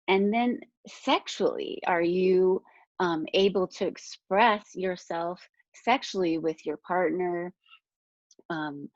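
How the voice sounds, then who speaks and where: A woman with a lowish voice leads a spiritual workshop on a video call, earnest and rambling, with frequent fillers and restarts. The audio is dull and lo-fi, and the sound is dry and close. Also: no echo. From United States. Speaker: essential oils presenter. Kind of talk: casual spiritual workshop talk.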